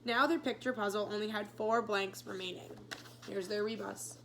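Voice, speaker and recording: A woman teacher reading chapters of a novel aloud, telling the story clearly with small slips. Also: medium pitch, fairly even intonation, moderate pace, fairly bright tone, a little hiss or hum.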